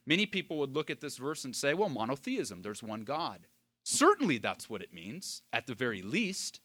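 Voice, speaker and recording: Emphatic male preacher, lively pitch. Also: moderate pace, dry recording. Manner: emphatic preaching, swings from hushed to loud. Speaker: pastor. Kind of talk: sermon.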